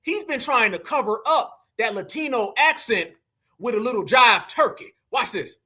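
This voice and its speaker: High-pitched animated male streamer. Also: normal speed. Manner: animated, preachy, slangy, addresses viewers as family. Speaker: livestream commentator. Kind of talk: reactive live commentary.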